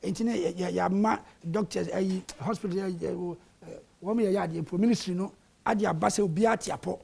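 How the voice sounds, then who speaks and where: Panelist, raspy with gravelly edges, argumentative and insistent. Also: medium pitch, fairly even intonation, a little fast, darkish tone. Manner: argumentative, mixing Twi and English. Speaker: panel guest. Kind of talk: heated political debate. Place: television studio.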